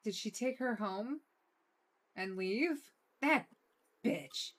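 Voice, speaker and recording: A woman's voice: on the high side, lively intonation, slow. A woman giving casual, joking commentary while playing a video game and talking back to its characters. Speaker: let's play streamer.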